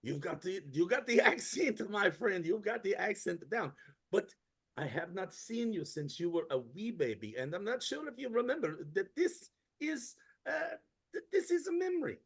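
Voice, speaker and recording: A man putting on a short, rambling little fellow in a tabletop game, squeaking high with wild swoops up and down. The voice is gravelly and husky, and he talks in oddly ordered, stammering phrases. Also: big pitch swings, normal speed, heavily acted. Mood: curious, chatty. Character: short, chatty older man, old family acquaintance. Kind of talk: tabletop role-play voice.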